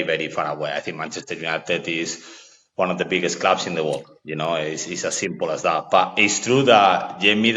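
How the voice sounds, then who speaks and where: A man whose first language is Spanish, co-hosting a football show and making his case in a measured, halting way. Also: sits low, bright, forceful tone, slight background noise. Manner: measured, halting, with frequent restarts. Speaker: podcast co-host. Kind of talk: casual football debate. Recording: dull sound with long reverb.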